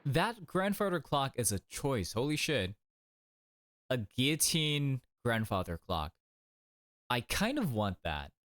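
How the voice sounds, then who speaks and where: A streamer playing a mystery game, reading the narration and reacting loudly, with swearing and chatty remarks about character outfits. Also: medium pitch, sing-song, slow pace, dry recording, studio quality. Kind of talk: casual game commentary and reading aloud.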